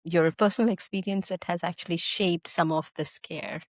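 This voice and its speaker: A woman interviewer asking gentle, probing questions and backing the guest with quiet "mm-hmm"s. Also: lowish voice, steady tone, normal speed, dry recording.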